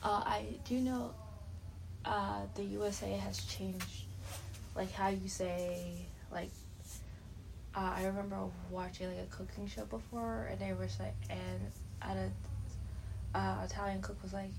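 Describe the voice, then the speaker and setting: Slow-talking French Canadian woman ranting. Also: medium pitch, fairly even intonation, a little mellow, slight background noise, poor audio. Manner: rambling, indignant, with many fillers and restarts. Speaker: podcast host. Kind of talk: casual monologue.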